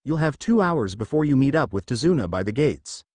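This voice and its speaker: A man voicing an adult male village leader and estranged father in a fanfiction read-aloud, calm and measured. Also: mid-range voice, no echo.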